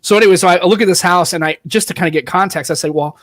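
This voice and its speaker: A man's voice: high-pitched, very fast, fairly bright tone, no room sound, clean studio sound. A man co-hosting a podcast over a video call, telling stories animatedly and swearing freely. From St. Louis area, US. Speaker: podcast co-host. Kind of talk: casual chat.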